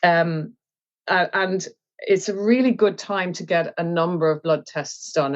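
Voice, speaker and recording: Low-voiced Irish woman explaining. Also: highs cut off. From Ireland. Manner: lively explainer who acts out voices. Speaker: guest, yoga teacher. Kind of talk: explanatory interview talk.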